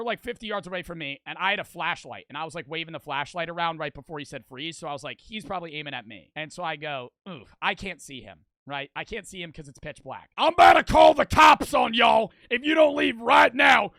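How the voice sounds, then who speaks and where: Young male commentator, rowdy and profane, high sharp voice. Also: no room sound. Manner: loud, excitable, swears often. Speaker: commentator reacting to videos. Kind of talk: profane animated storytelling.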